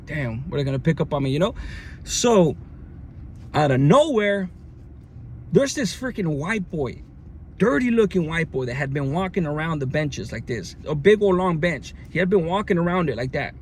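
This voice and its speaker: A man's voice: a little high, big pitch swings, moderate pace. A man telling a story from his time in jail in a casual, slang-heavy way, with many fillers and restarts. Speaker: storyteller recounting jail experience. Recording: faint background noise.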